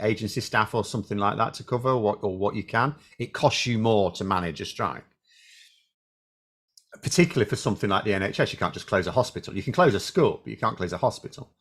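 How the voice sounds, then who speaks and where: A man hosting a casual political commentary show, talking through his thoughts with restarts and asides. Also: on the low side. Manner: animated, thinking aloud with restarts.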